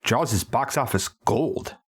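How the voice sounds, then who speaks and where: Animated man riffing on a movie podcast. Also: mid-range voice, a little slow, breathy edge. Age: early 40s. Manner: spins absurd gross-out bits, pushy and animated. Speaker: podcast co-host. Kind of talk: comedic movie podcast chat.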